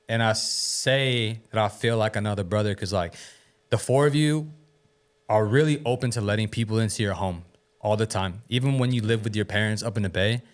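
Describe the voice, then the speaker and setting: A young man hosting a podcast in a laid-back, slangy way, often laughing as he talks. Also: on the low side. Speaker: podcast host. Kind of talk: casual podcast chat.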